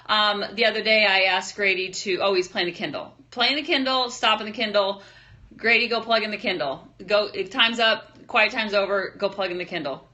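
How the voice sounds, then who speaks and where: A woman in her thirties talking casually about parenting, chatty and animated, acting out little scenes with her children. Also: on the high side. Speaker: parenting talk host. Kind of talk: casual parenting talk to camera.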